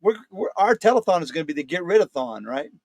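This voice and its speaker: A man's voice: fairly high pitch, very animated, fast, a little mellow, no room sound. A man co-hosting a comedy podcast, riffing and joking in casual chat. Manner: joking, riffing, laughs often. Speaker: podcast co-host.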